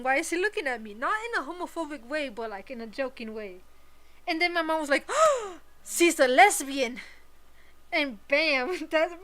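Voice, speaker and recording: A young woman with a high, bright voice tells a long family story in a loose, casual way. She swears freely and laughs her way through the tale as she chats during a drawing stream. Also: low-quality recording. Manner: animated, profane, laughs through her stories. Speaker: artist streaming a drawing session.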